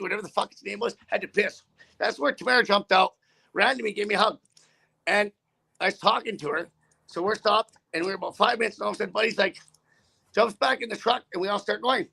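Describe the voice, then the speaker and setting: A middle-aged man who drives trucks talks in casual chat, blunt and full of curses. His voice sits high and gravelly, with a bright edge. He rambles and often restarts his sentences.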